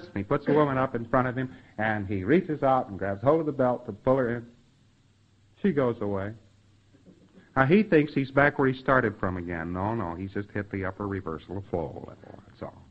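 Man lecturing on a dull lo-fi recording. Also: mid-range voice. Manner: folksy, acts out quoted dialogue and sound effects. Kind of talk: spoken lecture to trainees.

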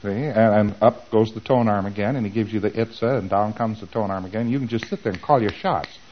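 A man's voice: lowish voice, fairly quick, a little hiss or hum. Man lecturing on a dull lo-fi tape. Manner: animated, acts out both sides of dialogues. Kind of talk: informal lecture.

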